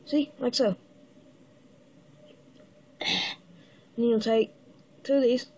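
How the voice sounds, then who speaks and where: A woman with the hiccups giving a casual step-by-step building tutorial, halting and pausing mid-step to show the pieces. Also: a little high, steady tone, warm tone. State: has the hiccups. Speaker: toy builder giving instructions.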